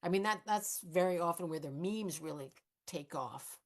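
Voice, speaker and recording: Woman playing a cautious older activist, low, gravelly, dry, hesitant, wry, live improv. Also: moderate pace, lightly acted. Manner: dry, hesitant, mildly skeptical. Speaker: improv performer.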